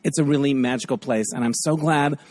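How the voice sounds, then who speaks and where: A man's voice: medium pitch, a little fast, a little mellow. A man hosting a podcast, talking casually and enthusiastically with lots of fillers, his voice a bit scratchy. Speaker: podcast host. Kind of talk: casual chatty monologue.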